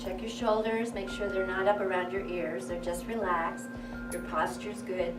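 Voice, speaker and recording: Speaking at a moderate pace with fairly even intonation in a mid-range voice, a coach runs a confidence and voice workshop for a crowded room of girls. She encourages them through breathing exercises and loud counts, recorded at a distance in an echoey space with music.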